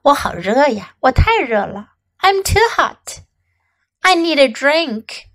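A woman English teacher reading a picture book aloud slowly and clearly, then leading practice sentences. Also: high-pitched, very animated, fairly bright tone. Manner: slow, careful reading with repeated practice sentences.

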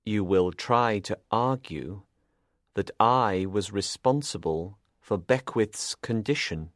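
A man voicing a calm, smooth and evasive gentleman in an audiobook. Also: fairly low pitch, dry recording, clean studio sound. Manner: calm, measured.

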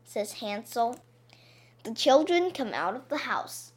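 A woman narrating a children's story in a clear, expressive way, made simple for learners. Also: fairly high pitch, slow pace.

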